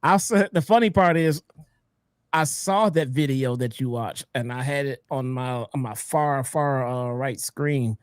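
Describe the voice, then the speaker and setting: A man co-hosting a casual wrestling podcast, laid-back and hesitant, often pausing with "um". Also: medium pitch, smooth, no echo, clean studio sound. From Chicago area. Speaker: podcast co-host.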